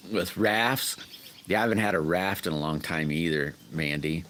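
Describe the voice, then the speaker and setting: Very deep-voiced folksy man. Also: normal speed, fairly bright tone, a little hiss or hum. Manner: rambling, folksy, greets chat by name. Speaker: livestream host chatting with viewers. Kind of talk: casual livestream chat.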